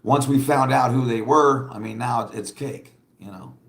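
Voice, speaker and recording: A man talks casually to his livestream viewers, rambling and blunt, often breaking into laughter as he reads their comments. His voice sits at an ordinary middle pitch. The sound carries a roomy echo. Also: fairly even intonation, normal speed. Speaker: livestream host.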